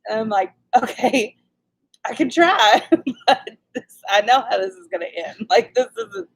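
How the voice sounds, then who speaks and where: A woman's voice: on the high side, sing-song, moderate pace, vocal fry, slightly rough, poor audio. A woman in her thirties co-hosting a casual live chat, laughing often as she tells a story that pokes fun at herself. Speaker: co-host.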